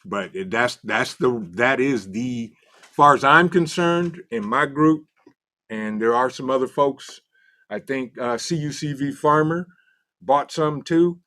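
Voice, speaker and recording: A man's voice: mid-range voice, slow pace, pushed and bright. A man hosting a casual livestream, greeting viewers from the chat by name in a loose, way. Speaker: livestream host.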